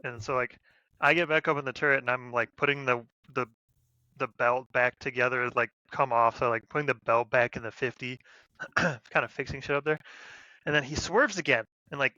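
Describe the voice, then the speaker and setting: Brief: bright-voiced male vet co-host, animated and profane storyteller, dry and slightly lo-fi. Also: mid-range voice, brisk, no echo. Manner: rambling, profane, animated retelling with loud quoted shouts. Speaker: podcast co-host, army veteran. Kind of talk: casual storytelling chat.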